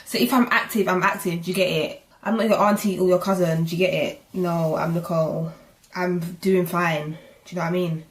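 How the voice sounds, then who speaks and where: A woman's voice: fairly low pitch, brisk. Chatty young London woman vlogging. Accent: London English. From England. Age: 20s. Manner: chatty, animated storytelling, breathless asides. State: out of breath. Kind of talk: casual pregnancy vlog chat.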